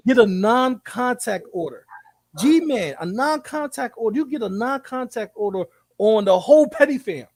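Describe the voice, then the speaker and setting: A man co-hosting a live commentary stream, talking in an animated, profane and rambling way, often repeating himself. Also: very high voice, moderate pace, no room sound.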